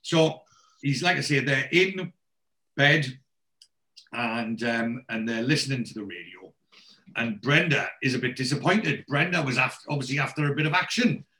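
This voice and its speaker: A man's voice: mid-range voice, moderate pace, pushed and bright. A man hosting a podcast, recapping a TV episode in casual chat as a rambling storyteller full of restarts and asides.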